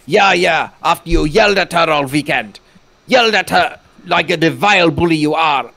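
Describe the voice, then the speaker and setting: A man's voice: fairly high pitch, measured pace, vocal fry, heavily acted. A man doing a cranky old neighbor, mock German. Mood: scolding. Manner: scolding, loud. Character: cranky elderly Dutch neighbor, scolding and hostile. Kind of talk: let's play voice acting.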